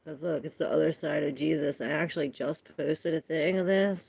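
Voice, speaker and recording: A woman's voice: low voice, fairly quick, vocal fry, darkish tone, breathy edge, no echo. A woman hosting a tarot livestream, rambling in casual chat, laughing often and reacting to viewer comments.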